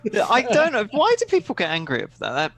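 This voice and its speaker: A man's voice: sits high, huge pitch swings, fast talker, creaky, fairly bright tone, soft background music. A man playing a tabletop game, chatting casually and making dry, teasing jokes. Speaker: player. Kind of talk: casual chat.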